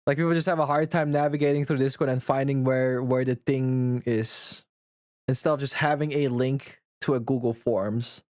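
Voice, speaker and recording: A man's voice: medium pitch, fairly even intonation, moderate pace, dry recording, studio quality. A man streaming live, ranting and complaining with lots of swearing and frequent laughs at himself. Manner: profane, ranting, exasperated complaining; laughs often at his own rant. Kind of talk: casual livestream chat.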